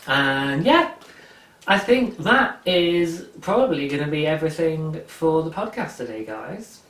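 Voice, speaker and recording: A man's voice: fairly high pitch, fairly bright tone. A man hosting a knitting podcast, talking casually to camera in a chatty, rambling, self-mocking way. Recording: roomy echo, mic at a distance.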